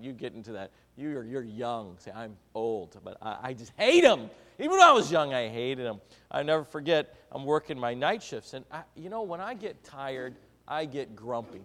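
A middle-aged man preaching a sermon, talking conversationally, asking the congregation questions and acting out little quotes. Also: mid-range voice. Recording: long hall reverb.

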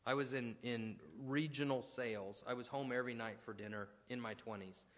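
A man preaching in a relaxed, conversational way, slipping into personal stories and asides. His voice sits at an ordinary middle pitch. A long reverb trails each phrase, as in a church hall. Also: fairly quick. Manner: conversational, storytelling, with restarts and asides. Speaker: pastor. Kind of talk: sermon.

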